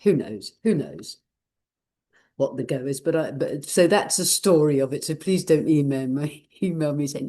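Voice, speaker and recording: Older woman host, low lively voice, mellow tone, chatty and rambling with frequent laughs. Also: moderate pace. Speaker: channeler and vlog host. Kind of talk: casual personal chat to viewers.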